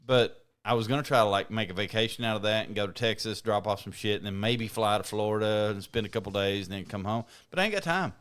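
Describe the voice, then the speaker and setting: A man with a low, smooth voice co-hosts a podcast. He rambles through his plans in loose, profanity-laced chat. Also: quick pace, hardly any pauses, a bit bright. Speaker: podcast co-host. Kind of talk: casual chat.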